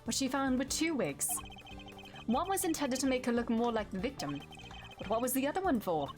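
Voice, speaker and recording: A man's voice: extremely high pitch, animated, fairly quick, music in the background. Woman reading as a composed, formal male prosecutor.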